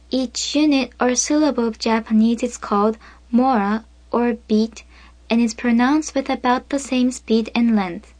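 A woman reading a scripted language lesson, pronouncing each syllable slowly and carefully. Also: fairly high pitch, steady tone, a little mellow, dry recording. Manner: slow, deliberate, careful pronunciation of syllables. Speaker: language instructor.

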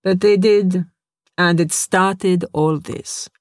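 Rich: A gaunt, haunted survivor, voiced by a male storyteller, speaking in a slow, sorrowful and grave way. The words come out unhurried and heavy, in a dry audiobook read. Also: sits high, steady tone, no room sound. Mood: grim.

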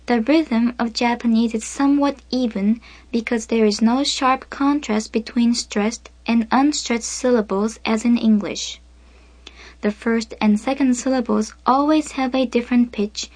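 A woman reading a scripted language lesson, pronouncing each syllable slowly and carefully. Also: on the high side, darkish tone, no room sound. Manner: slow, deliberate, careful pronunciation of syllables. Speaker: language instructor.

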